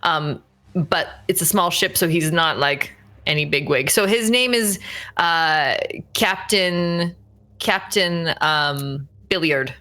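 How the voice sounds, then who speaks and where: A woman running a tabletop game, narrating in a halting way with many fillers. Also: sits low, pushed and bright. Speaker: game master.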